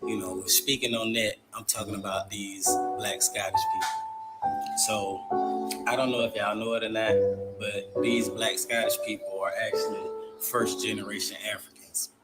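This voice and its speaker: A man's voice: lowish voice, little pitch movement, moderate pace, poor audio. An American man in a casual vlog, chatting and reading comments aloud. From United States. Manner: conversational, reads comments aloud. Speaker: content creator. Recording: loud guitar music behind.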